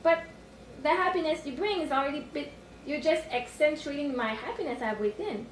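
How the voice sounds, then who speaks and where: A woman life coach on a livestream from home, thinking aloud with sudden excited outbursts and cooing at her puppy. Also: high-pitched, fairly quick, echoey room, recorded from a distance, slight background noise. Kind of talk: livestream self-reflection. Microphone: phone.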